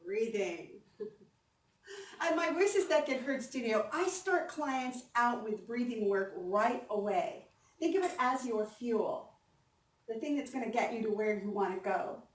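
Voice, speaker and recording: Upbeat woman coaching a hall. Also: on the high side. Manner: upbeat, encouraging, leads audience through breathing exercises. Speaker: voice coach giving a conference talk. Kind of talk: presentation on stage. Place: conference hall. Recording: roomy hall sound from a distance, faint ambience.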